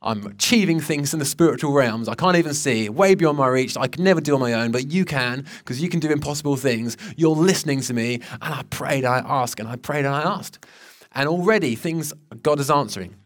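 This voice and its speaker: A man's voice: mid-range voice, brisk. A man in his thirties preaching a sermon, telling a personal story in an earnest, conversational way with frequent restarts. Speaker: pastor.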